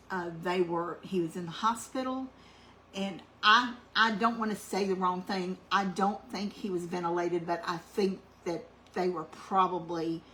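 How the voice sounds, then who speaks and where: Soft-spoken woman telling a story. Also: mid-range voice, slight background noise, rough recording. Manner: soft-spoken, meandering with many ums, gets louder when excited. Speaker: cooking channel host. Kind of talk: heartfelt personal storytelling.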